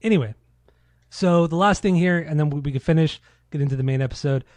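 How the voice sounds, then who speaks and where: A man with a fairly high, darkish-toned voice talks fast as he co-hosts a casual podcast. He tells loose, profane stories and acts out quotes, with no echo on the recording.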